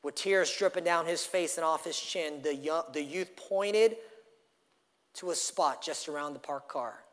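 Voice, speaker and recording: Pastor guy preaching a sermon, kinda high voice, long echo from the church hall, goes loud then hushed. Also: unhurried. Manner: dynamic preaching, storytelling with acted quotes, swings from loud to hushed. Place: church sanctuary.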